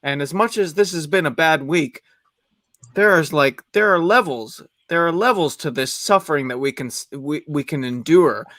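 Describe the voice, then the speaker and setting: A man on a fan call-in show pushes through an emphatic rant, stumbling over repeated words as he builds. His voice is bright and forceful. The sound is dry and close. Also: fairly high pitch, normal speed, no echo. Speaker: fan caller.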